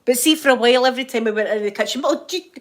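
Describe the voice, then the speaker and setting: An older Scottish woman vlogs to camera, chatting casually to viewers at home in a racing, high-leaning voice. She rambles through stories with frequent laughter and fond asides.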